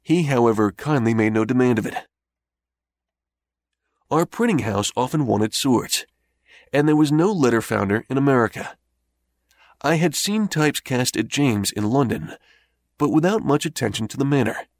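A man's voice: mid-range voice, no room sound. Man reading a memoir, dry close sound. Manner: measured, steady first-person reading. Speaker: audiobook narrator. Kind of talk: scripted narration of an old memoir.

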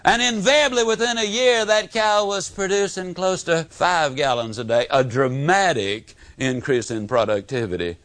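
A man giving a motivational talk, telling homespun stories and swinging from booming emphasis to hushed tones. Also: moderate pace, few pauses, no room sound. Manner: folksy storyteller, swooping from booming to hushed. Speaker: motivational speaker.

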